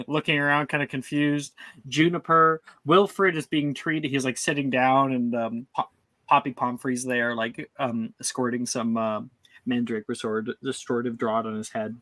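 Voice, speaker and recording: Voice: mid-range voice, bright, forceful tone, dry recording. A game master narrating a tabletop role-playing scene with lots of fillers. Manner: rambling, many fillers.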